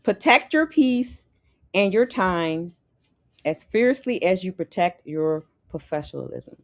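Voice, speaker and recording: A woman's voice: lowish voice, sing-song, a little slow. Sassy, emphatic woman giving life advice. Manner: emphatic, repeats key lines, sassy asides. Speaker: lifestyle podcast host. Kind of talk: motivational talk to women.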